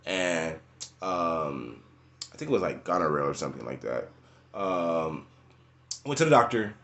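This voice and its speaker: A young man talks through his own life story in a lively, sing-song voice that swings from low to high. His speech is loose and repetitive, and he breaks into laughs and acts out other people's lines as he goes. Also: measured pace, vocal fry. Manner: animated storyteller, voice jumping high when quoting others; laughs often mid-story. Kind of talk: unscripted personal testimony.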